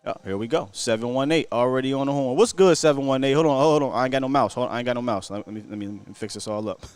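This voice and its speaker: A man hosting a live call-in show, his voice in a middle pitch with faint music underneath. He talks energetically in loose slang and trips into quick restarts as he goes. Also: darkish tone, clear, resonant tone, no room sound. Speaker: host.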